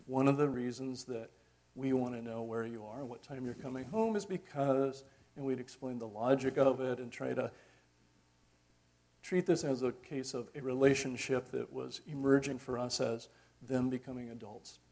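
A middle-aged man preaching a sermon in a reflective, conversational way, pausing often with fillers. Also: medium pitch, fairly even intonation, warm tone.

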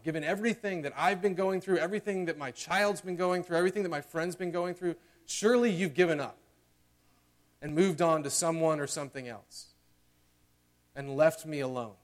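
A young man preaching a sermon in a casual, earnest way, often checking in with "okay?" and "right?", and reading scripture and mock prayers dramatically. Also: on the high side.

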